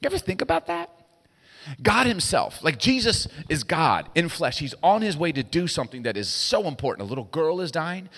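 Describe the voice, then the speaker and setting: A middle-aged man preaching a sermon, telling stories with lively swings from hushed to loud. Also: a little high, fairly quick, vocal fry. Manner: animated storytelling, swinging between hushed and loud. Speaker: pastor. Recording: long hall reverb.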